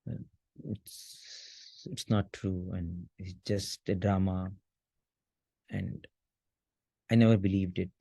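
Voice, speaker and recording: Earnest low-voiced man recalling his grief. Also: little pitch movement, gravelly, mellow, slightly rough, dry recording. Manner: earnest, halting, with frequent restarts. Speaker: interview guest. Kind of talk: emotional personal reminiscence.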